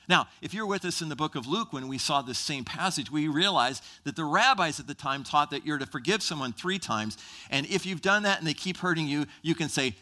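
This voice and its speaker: A man's voice: on the high side, animated, fairly quick, bright, forceful tone. A man preaching a sermon in a church, teaching from Scripture and acting out the voices of Bible characters. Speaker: pastor.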